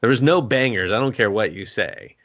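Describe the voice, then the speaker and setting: A man's voice: on the low side, a little fast, fairly bright tone. A man co-hosting a podcast, reviewing a movie in casual chat, swearing freely, laughing and quoting characters in mock voices. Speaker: podcast co-host.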